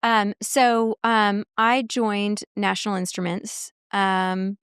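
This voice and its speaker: A woman guest in a podcast interview, telling workplace stories in an animated way and acting out quoted dialogue. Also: medium pitch, slow pace, clean tone, dry recording, studio quality. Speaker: guest, marketing executive and coach.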